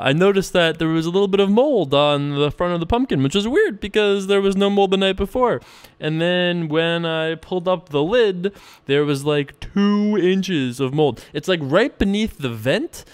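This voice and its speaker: A man's voice: fairly high pitch, smooth. A man from the United States giving casual, chatty commentary on his own online poker session, thinking aloud and poking fun at himself. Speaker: poker vlogger.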